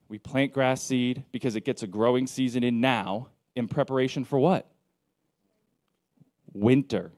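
A man's voice: medium pitch, no room sound, studio quality. Man preaching a joking, chatty sermon. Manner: casual, joking, storytelling delivery with lively quoted asides. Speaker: pastor.

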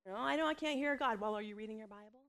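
High-voiced woman, candid and confessional. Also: rapid-fire, fairly bright tone. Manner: earnest and confessional, with self-deprecating asides. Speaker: mother sharing a personal testimony. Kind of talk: candid personal talk.

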